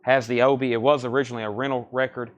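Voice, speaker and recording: A man selling records on a live stream from a record store, briskly repeating titles, condition grades and prices. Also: medium pitch, flat delivery, muffled recording. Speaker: record store livestream seller. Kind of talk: live sales patter.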